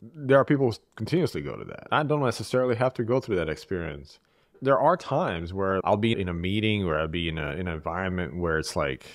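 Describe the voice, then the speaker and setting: A man from Eastern Europe talking as a podcast guest in casual, reflective conversation, measured and restarting his phrases as he thinks. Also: deep voice, sing-song, no echo, clean studio sound.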